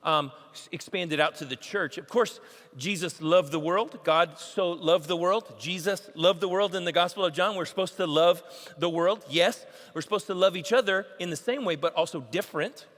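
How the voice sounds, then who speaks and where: A man's voice: high-pitched, normal speed, a bit bright. Man preaching in a reverberant church. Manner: emphatic preaching, repeats key phrases. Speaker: pastor. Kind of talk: sermon. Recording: long church hall reverb.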